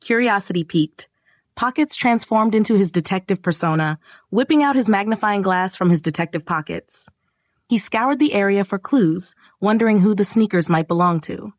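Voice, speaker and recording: Female narrator for a kids' bedtime story, gentle and expressive, mid pitch, dry close sound. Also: normal speed, dry recording.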